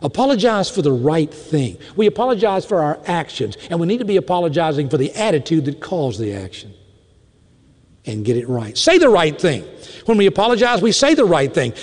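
Male pastor, sermon, high voice, lively swooping delivery, long hall reverb. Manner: animated preaching with mock-indignant asides.

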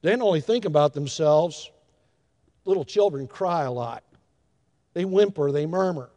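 An older man preaching a sermon in a church, telling folksy stories with emphatic shifts in loudness. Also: on the high side, moderate pace. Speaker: pastor. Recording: long hall reverb.

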